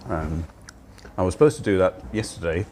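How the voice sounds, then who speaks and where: Older man, low voice, animated pitch, chatty and rambling, eating while talking, cafe livestream on a phone. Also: moderate pace, a little hiss or hum. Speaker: livestream host. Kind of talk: casual livestream chat. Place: cozy cafe, indoors. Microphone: phone on a handheld gimbal.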